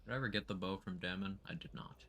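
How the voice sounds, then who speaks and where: Deep-voiced man thinking aloud over gameplay. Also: racing, a bit bright, slight background noise. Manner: thinks aloud, mumbling asides. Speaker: streamer. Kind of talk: casual gameplay commentary.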